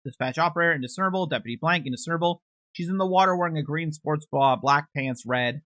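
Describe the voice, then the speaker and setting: A man's voice: fairly high pitch, quick pace, fairly bright tone, dry recording. A man hosting a true crime channel, reading court transcripts aloud in a matter-of-fact way, announcing each speaker's label and adding his own comments.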